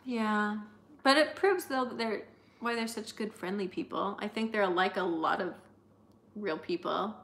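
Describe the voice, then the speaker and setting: A woman's voice: medium pitch, measured pace. A young woman co-hosting a live stream, chatting casually with viewers in a rambling way full of fillers.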